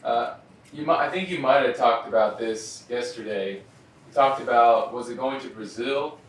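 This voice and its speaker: A man's voice: medium pitch, normal speed. A male interviewer prompting with short questions. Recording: echoey, distant.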